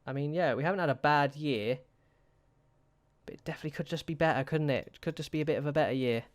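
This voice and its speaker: Smooth-voiced man fretting over a football sim. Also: a little high, quick pace, no room sound. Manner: anxious, pleading, talks to his players. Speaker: gaming YouTuber. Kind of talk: casual gameplay commentary.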